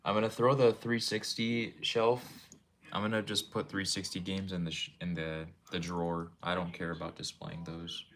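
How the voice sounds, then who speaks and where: Deep-voiced young man chatting on stream. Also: level tone, moderate pace, fairly bright tone, a little hiss or hum. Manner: laid-back, rambling, talks to chat. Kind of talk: casual live-stream chat. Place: home room with game shelves.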